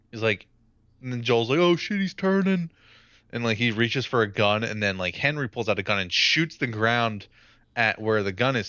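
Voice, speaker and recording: Young man with a bright, crisp voice. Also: fairly low pitch, dry recording, lo-fi sound. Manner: rambling, filler-heavy retelling. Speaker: podcast co-host. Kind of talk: casual chat.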